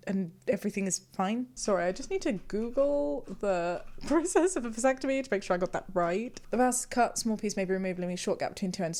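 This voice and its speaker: A woman's voice: on the high side, a little mellow. A woman hosting a casual reaction vlog, reading posts aloud and laughing often between remarks. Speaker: YouTuber host.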